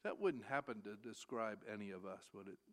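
A man preaching an expository sermon, reading scripture slowly and swinging between loud emphasis and hushed near-whispers. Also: lowish voice, expressive. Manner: reads verses in slow King James cadence.

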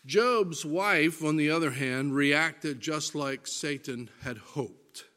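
A man preaching a sermon, deliberate and emphatic, reading scripture aloud. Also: fairly high pitch, fairly bright tone.

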